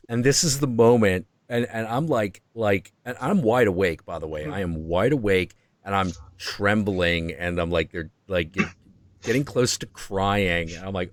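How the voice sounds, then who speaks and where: Deep-voiced man telling a wild story. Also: normal speed, no echo. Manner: profane, excitable, acts out quotes. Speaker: host. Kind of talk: casual storytelling on a stream.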